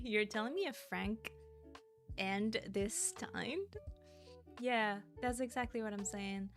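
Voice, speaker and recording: A woman streamer chats casually with her livestream viewers, bubbly and giggly, thanking them and wandering from topic to topic. She speaks slowly at a medium pitch, with faint music behind her.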